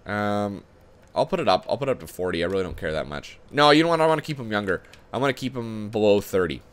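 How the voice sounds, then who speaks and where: A man's voice: on the low side, big pitch swings, fast talker, smooth. A man giving casual commentary on a sports management game, chatty and thinking aloud, often correcting himself as he goes. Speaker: gaming YouTuber.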